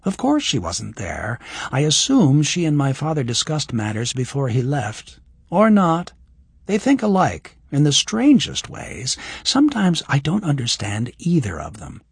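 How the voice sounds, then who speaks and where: A man voicing a frank, wry young woman healer in an audiobook, his voice lifted higher for her. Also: a little slow, gravelly, breathy edge, no echo, full character voice. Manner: raised voice for a woman, expressive.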